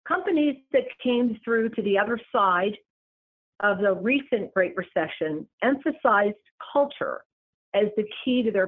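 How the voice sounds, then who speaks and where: A woman presenting a business series in scripted narration, with measured, emphatic lists. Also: medium pitch. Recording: tinny phone-like line.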